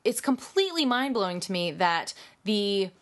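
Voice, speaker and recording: A woman's voice: medium pitch, big pitch swings, normal speed, fairly bright tone. A woman co-hosting a casual chat about classic films, chatty and enthusiastic. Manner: chatty, enthusiastic, quotes her own thoughts. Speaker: podcast co-host.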